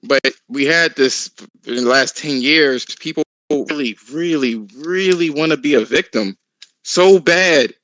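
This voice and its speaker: A man hosting a casual podcast chat, talking in an animated, profane, ranting way. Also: a little high, measured pace, dry recording, low-quality recording.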